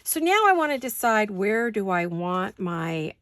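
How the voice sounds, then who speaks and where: A woman's voice: medium pitch, sing-song, unhurried, fairly bright tone, a little hiss or hum. A woman hosting a craft-along from her home studio, chatting and talking to herself in a rambling, playful way. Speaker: crafting channel host.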